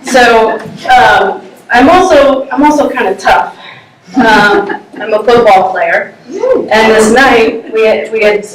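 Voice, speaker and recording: A woman's voice: fairly high pitch, slow pace, a crowd in the background. A woman telling a personal story on stage in a casual, self-mocking way, laughing often. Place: live stage before an audience. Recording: roomy sound from a distant mic.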